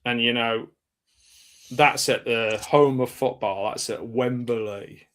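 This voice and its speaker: Male host, bright tone, jokey and rambling. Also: mid-range voice, steady tone, slow pace. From Cumbria, England. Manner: jokey, rambling, laughs at own jokes. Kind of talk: casual chat.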